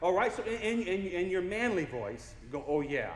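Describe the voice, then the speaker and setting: A young man speaks from a stage as a keynote speaker, goofy and playful, swinging his pitch widely as he works the audience. His voice sits a little high for a man. It carries with a long, echoey reverb, as heard in a large hall from out in the room. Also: big pitch swings, normal speed, very noisy. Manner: goofy, playful, engages the crowd. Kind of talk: motivational keynote speech.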